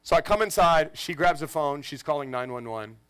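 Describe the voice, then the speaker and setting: Pastor, man, 40s, animated joking storyteller to a congregation; bright tone, a touch high. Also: brisk, smooth, no room sound. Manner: animated, joking, acts out family voices. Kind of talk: storytelling sermon. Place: church in front of a congregation.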